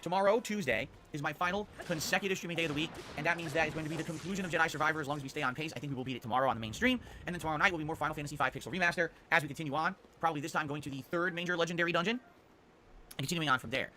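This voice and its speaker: A male game streamer talks through his week's plans at a rapid clip, tacking "okay?" onto his points. His voice is bright and forceful, sitting a little high for a man, with a faint ambient hiss behind it. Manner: upbeat, rambling, often ends with "okay?". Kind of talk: casual stream schedule rundown.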